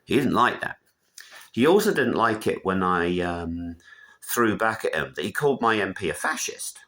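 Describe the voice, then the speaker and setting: A man's voice: on the low side, expressive, normal speed, a bit bright. A man delivering a blunt, opinionated monologue that wanders from point to point. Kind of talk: casual rambling monologue.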